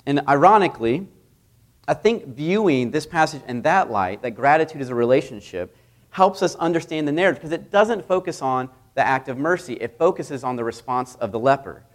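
A man in his thirties delivering a sermon as a visiting preacher, telling stories in a conversational way with lively dramatic swings. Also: a little high, fairly quick.

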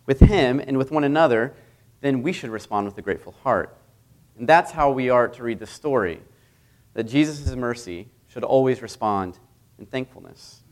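With a medium-pitched voice, a man in his thirties visits a congregation to preach, and his sermon moves through conversational stories with lively, dramatic changes in intensity.

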